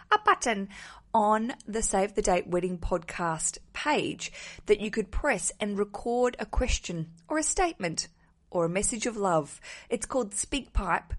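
A woman hosting a wedding podcast alone from a hotel room, talking casually with a slightly rough morning voice and a cheeky, self-mocking, rambling manner. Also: mid-range voice. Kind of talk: casual solo podcast monologue. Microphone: wearing headphones.

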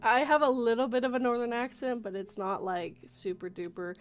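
A woman's voice: fairly high pitch, steady tone, brisk, a loud crowd. A woman from Canada's West Coast with a slight Canadian accent, chatting casually and laughing often. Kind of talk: casual chat.

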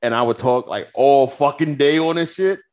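A man's voice: mid-range voice, normal speed, no echo, dull audio. A man in his forties co-hosting a podcast, telling profane stories in a casual chat and acting out the voices of the people in them. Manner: animated, profane, acts out voices in anecdotes. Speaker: podcast co-host.

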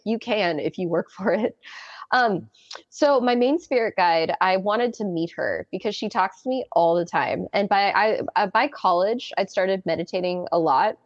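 A woman's voice: mid-range voice, moderate pace, no room sound, highs cut off. Chatty giggling woman in her thirties. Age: early 30s. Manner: chatty, giggly, many restarts and "like". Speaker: guest. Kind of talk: casual interview storytelling.

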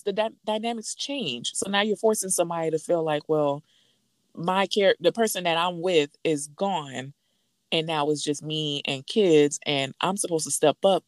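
Animated woman with a low voice. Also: no room sound, studio quality. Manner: animated, acts out quotes with big pitch jumps. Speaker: podcast co-host. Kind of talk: casual chat about a reality show.

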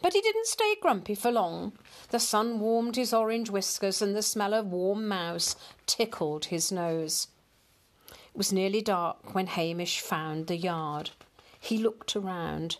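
A woman reading a picture storybook aloud in a slow, expressive storyteller manner. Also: medium pitch.

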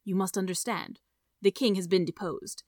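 A man's voice: high-pitched, fairly even intonation, moderate pace, darkish tone, no room sound, studio quality, natural voice. A woman voicing a stern, gloating middle-aged male mayor who accuses a prisoner in a storybook reading. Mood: accusing. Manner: accusing, mocking.

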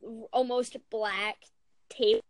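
Animated high-voiced young woman chatting. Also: slow pace, dry recording, rough recording. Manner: animated, filler-heavy rambling. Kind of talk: casual chat among friends.

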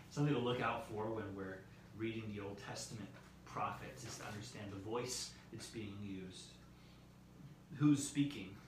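A man preaching a sermon as pastor, measured, with his voice dropping softly at the ends of phrases. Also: medium pitch. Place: church meetinghouse or similar room, streamed live. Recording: very echoey room, heard from a distance, faint hiss.

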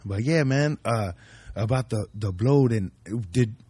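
A man's voice: lowish voice, a little slow, mellow, husky, dry recording. A man hosting a casual podcast, talking in a chatty, slangy way with plenty of swearing. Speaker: podcast host. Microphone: studio microphone.

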